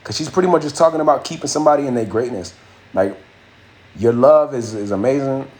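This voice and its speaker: A man's voice: medium pitch, fairly quick, a little mellow. Guy on a phone live stream just chatting, loose and rambly, keeps repeating himself, regular mid voice. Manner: loose, chatty, repeats words while working things out. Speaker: livestream host and rapper. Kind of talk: casual livestream chat.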